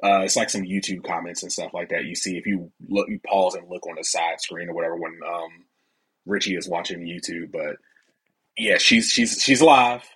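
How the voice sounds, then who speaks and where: Husky, low-voiced man co-host. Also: normal speed, fairly bright tone. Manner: easygoing, rambling recaps. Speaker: podcast co-host. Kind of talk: casual movie review chat.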